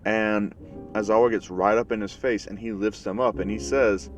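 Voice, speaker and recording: A man narrates a fan story in a loose, casual way, full of "and basically." His voice sits on the low side, and music plays clearly behind him. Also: steady tone, normal speed. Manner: casual, filler-heavy recounting.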